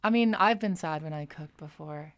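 Campus radio host: a woman with a lowish, smooth voice, relaxed and chatty. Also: normal speed. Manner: chatty, relaxed, frequent fillers. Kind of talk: casual radio chat.

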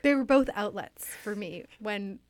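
A woman in an improvised comedy interview, earnest and wistful, halting with many restarts, speaking into a studio microphone. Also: medium pitch, no room sound. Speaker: interviewee playing a fictional author.

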